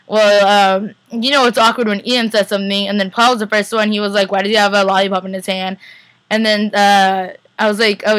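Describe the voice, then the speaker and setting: A young woman vlogger telling a story in a fast, excited, casual way. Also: mid-range voice, no echo, poor audio. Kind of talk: casual chat.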